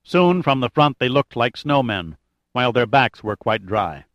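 A man narrating an adventure audiobook in a steady, measured way with light drama. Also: mid-range voice, no echo, highs cut off. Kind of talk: scripted narration.

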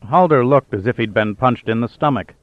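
A man narrating an audiobook in a steady, even storytelling manner. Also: mid-range voice, a little fast, no echo, narrow, tinny audio. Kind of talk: scripted narration.

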